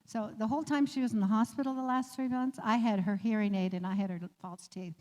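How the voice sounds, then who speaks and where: A woman sharing a heartfelt personal story as a guest, laughing often and growing animated as she recalls. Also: fairly high pitch, quick pace, in a large hall. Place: community office room.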